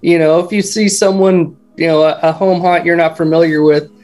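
A man's voice: fairly high pitch, fairly even intonation, normal speed, darkish tone, soft background music. A man as a podcast guest talking about building home haunts in a loose, rambling way, with "you know" in almost every sentence. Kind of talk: casual chat.

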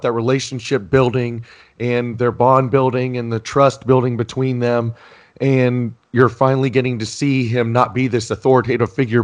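A man co-hosting a podcast, chatting casually and praising an old sitcom scene in a relaxed way. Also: mid-range voice. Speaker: podcast co-host.

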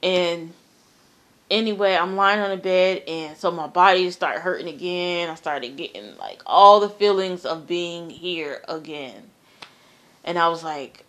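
A woman telling a personal dream story in a casual, earnest way, halting and repeating herself, often trailing off softly. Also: deep voice. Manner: earnest, emphatic about the terror.

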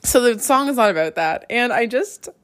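A woman's voice: fairly high pitch, lively intonation, normal speed. A young woman co-hosting a podcast in casual chat, talking freely and laughing as she goes. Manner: chatty, laughing, swearing freely. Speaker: podcast co-host.

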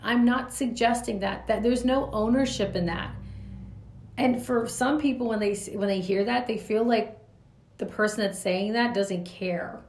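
Woman in her 40s, podcast host, earnest reflective monologue, higher voice, echoey room. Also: moderate pace, a little mellow. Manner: earnest, talks in loose spoken asides.

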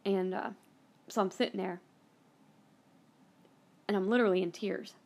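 A woman's voice: mid-range voice, fairly even intonation, normal speed, gravelly, pauses often, a little mellow. A woman hosting her own podcast, telling a personal story with strong emotion, often repeating herself and trailing off. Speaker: podcast host.

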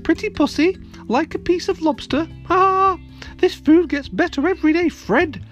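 Shrill, taunting storybook seagull, greedy and cheeky. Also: male voice, normal speed, fairly bright tone, muffled recording, faint music behind. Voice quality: shrill high squawky voice. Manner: taunting, jeering.

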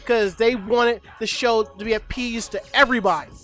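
A man's voice: very high voice, fairly even intonation, moderate pace, bright, forceful tone, faint music behind. A man chatting bluntly and profanely as a podcast co-host. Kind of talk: casual chat.

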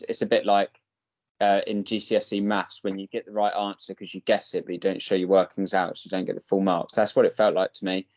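A young man with a posh English accent and a lowish voice who talks hesitantly, often pausing on "um". The sound is dull and lo-fi. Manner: hesitant, with many ums. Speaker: podcast guest. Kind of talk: casual chat.

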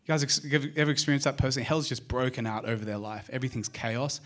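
A man with an Australian accent preaching a sermon, speaking straight to the congregation with lively questions. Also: mid-range voice, quick pace. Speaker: pastor. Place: church service.

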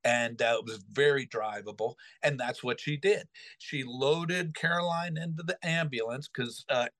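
A man's voice: mid-range voice, moderate pace, no echo, rough recording. A middle-aged man casually telling a funny family story on a podcast, acting out the voices of the people in it. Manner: animated, acts out quoted voices.

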